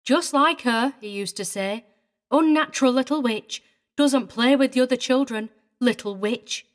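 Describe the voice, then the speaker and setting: A woman's voice: sits high, moderate pace, natural voice. A woman voicing a prim, tearful older female governess who speaks with fussy, indignant precision. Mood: earnest. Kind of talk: audiobook character reading.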